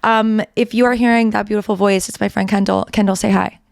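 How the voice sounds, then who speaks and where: Smooth-voiced woman rambling wryly. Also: mid-range voice, flat delivery, fast, dry recording, clean studio sound. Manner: rambling, self-interrupting, wry and exasperated. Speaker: podcast host. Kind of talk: casual chat to camera. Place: indoors, under a blanket.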